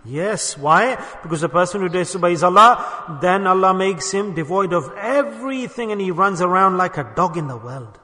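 A man's voice: high-pitched, lively intonation, moderate pace, hardly any pauses, bright, forceful tone. A man preaching a sermon at a mosque gathering, impassioned and urging his listeners with rhetorical questions. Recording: reverberant hall.

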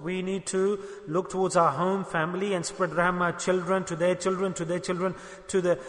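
A man preaching a sermon with emphatic repetition, swinging between loud declarations and hushed lines. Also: high voice, level tone, normal speed. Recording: echoey hall with long reverb.

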